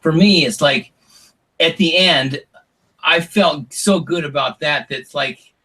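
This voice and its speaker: A man's voice: a little high, slow, pushed and bright, low-quality recording. A man telling long stories as an interview guest, rambling with lots of "like" and "you know". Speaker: interview guest, former reality show contestant. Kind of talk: casual interview storytelling.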